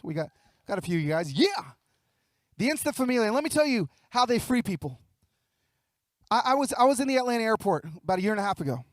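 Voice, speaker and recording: High-voiced animated keynote man. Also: dry recording. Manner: animated, acts out dialogue, repeats words. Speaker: keynote speaker. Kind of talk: motivational storytelling speech. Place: luncheon event hall.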